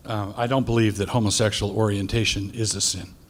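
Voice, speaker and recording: A middle-aged male pastor giving a deliberate, halting answer in a debate. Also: fairly low pitch, steady tone.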